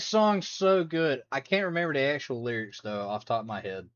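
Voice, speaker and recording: A man's voice: medium pitch, moderate pace, fairly bright tone, muffled recording. A man chatting casually on a live stream while reacting to videos, rambling, laughing and humming along.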